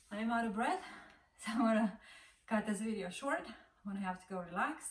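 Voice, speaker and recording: A woman's voice: fairly high pitch, animated, normal speed. A woman leading a home workout as a fitness instructor, calling out counts with short cues. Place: room at home. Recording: echoey room, distant mic, faint noise.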